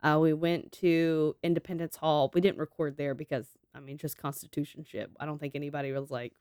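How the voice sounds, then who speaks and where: A woman co-hosting a podcast in a casual, chatty way, quick to laugh and to swear. Her voice sits low, and the sound is dry and close to the mic. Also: little pitch movement, a little mellow, smooth, no room sound. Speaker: podcast co-host. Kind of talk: casual chat.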